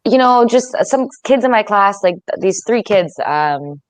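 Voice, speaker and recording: A woman's voice: mid-range voice, lively intonation, measured pace, dry recording. A young Canadian woman in her twenties, a wrestler chatting candidly in an interview and laughing often. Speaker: wrestler guest. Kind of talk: casual interview chat.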